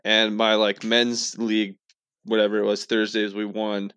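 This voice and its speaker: Low-voiced young guy with lots of swearing. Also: completely flat delivery, normal speed, a bit bright, clear, resonant tone, no room sound. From Canada. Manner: laid-back, swears freely, playful bragging. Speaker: podcast co-host. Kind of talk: casual chat.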